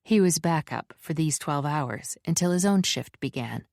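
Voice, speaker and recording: Woman audiobook narrator: low, slow, measured, dry studio read. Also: lively intonation, gravelly, darkish tone, no echo. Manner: measured, descriptive reading. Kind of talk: scripted narration.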